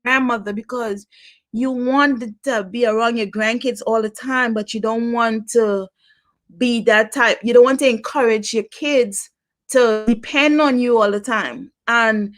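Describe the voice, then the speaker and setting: Her voice on the high side, with fairly even intonation and a measured pace, a middle-aged woman runs a casual podcast monologue. She chats, repeats herself, and laughs frequently.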